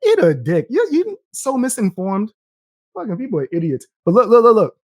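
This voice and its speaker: A man's voice: high voice, very animated, normal speed, darkish tone, no room sound, clean studio sound. A young man live streaming, reacting with a profane, combative rant and taunting his viewers between laughs.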